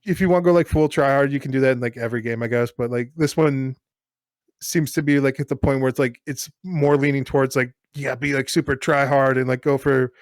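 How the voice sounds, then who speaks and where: A man co-hosting a podcast in casual chat, rambling and animated with lots of fillers. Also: mid-range voice, brisk, no echo, studio quality. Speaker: podcast co-host.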